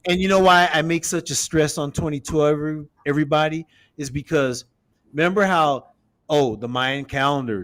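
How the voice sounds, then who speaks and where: A man hosting a casual livestream, rambling while showing a map and talking to viewers as everybody. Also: mid-range voice. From United States. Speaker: show host.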